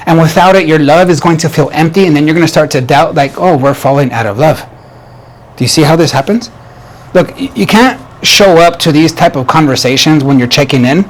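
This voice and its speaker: A man coaching married couples in a direct advice talk, emphatic, often restarting phrases and asking the listener "right?". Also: fairly high pitch. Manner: asks the audience "right?" and "yes or no?". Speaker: relationship coach.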